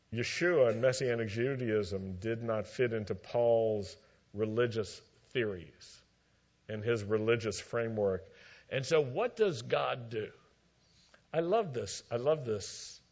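A man preaching a sermon, retelling scripture with emphatic, measured storytelling and dry asides. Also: on the low side, darkish tone. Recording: dull lo-fi recording.

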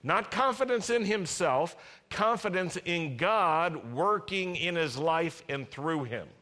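Male pastor preaching, animated, does voices, bright forceful voice, slow pace. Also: a little high. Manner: animated, acts out voices, has the congregation repeat lines. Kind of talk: sermon.

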